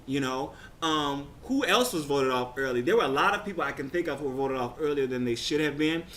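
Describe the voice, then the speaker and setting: Chatty excitable man recapping a show. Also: a little high, fairly quick. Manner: chatty, excitable, rambling with restarts. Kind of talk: casual recap talk.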